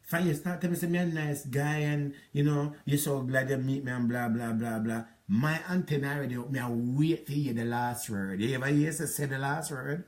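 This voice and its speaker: Brisk and barely pausing, a middle-aged Jamaican man speaks in a mid-range voice about a relationship that went wrong. The aggrieved monologue rambles, delivered in patois-inflected storytelling.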